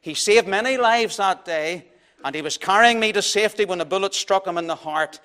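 A man's voice: high voice, bright, forceful tone, clear, resonant tone, in a large hall. A man voicing a humble, grateful young male soldier who stammers a little. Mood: earnest. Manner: halting, stammering.

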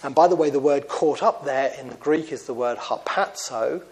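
A man's voice: medium pitch, moderate pace, rough recording. Earnest male preacher teaching scripture. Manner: earnest teaching with rhetorical questions and frequent "uh" fillers. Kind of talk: sermon.

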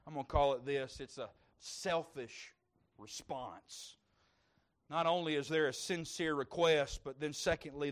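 A man preaching a sermon, moving between loud fervent stretches and soft hushed asides. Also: a little high. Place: church service.

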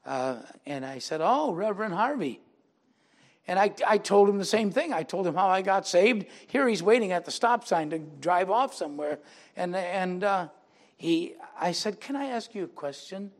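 A man's voice: high-pitched, animated, moderate pace. An older man, a pastor, preaching a sermon and telling a personal testimony, acting out the people he quotes in dialogue and rising into emphatic preaching.

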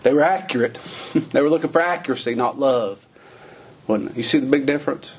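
A man's voice: medium pitch, a little fast, a little hiss or hum. A man preaching a sermon in a folksy, questioning way, using plain rural phrasing and asking lots of rhetorical questions.

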